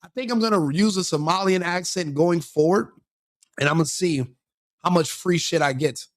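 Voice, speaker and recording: High-voiced joking male streamer. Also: moderate pace. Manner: joking, animated, mocking. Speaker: live-stream host. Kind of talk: casual stream commentary.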